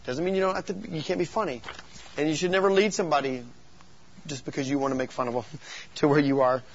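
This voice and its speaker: A man's voice: fairly high pitch, breathy edge, highs cut off. A man who works as a youth pastor, speaking to other youth workers and telling stories animatedly. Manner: animated storytelling, acts out voices in quotes.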